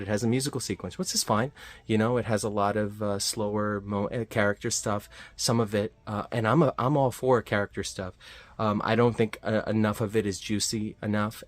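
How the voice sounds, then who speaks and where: A man giving a casual spoken film review, rambling with frequent fillers and restarts. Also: fairly low pitch. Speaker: movie reviewer.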